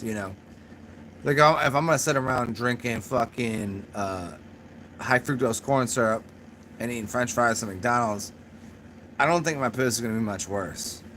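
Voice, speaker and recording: A man's voice: mid-range voice, a bit bright, a little hiss or hum. A young man hosting a casual livestream, talking to his chat in a rambling, profane way, a little drunk and laughing at his own jokes. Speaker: channel host answering live chat.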